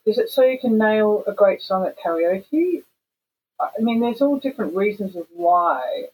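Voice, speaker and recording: Husky Australian woman, animated and frank. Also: mid-range voice, normal speed, rough recording. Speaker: guest, voice actor and singer. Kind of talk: casual interview chat.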